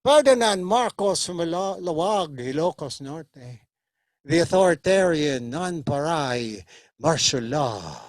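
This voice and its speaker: A man voicing his dead older Filipino father, reborn as a moth, who talks eagerly and loudly and stumbles over his words. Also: sits high, expressive, moderate pace, dry recording, studio quality, pitched above the performer's own voice. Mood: eager chatty.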